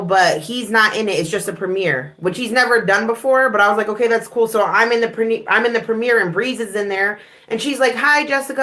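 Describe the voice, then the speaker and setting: A woman in a played clip recounting online drama in a heated, rapid way. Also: a little high, fairly bright tone. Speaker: content creator in a played clip.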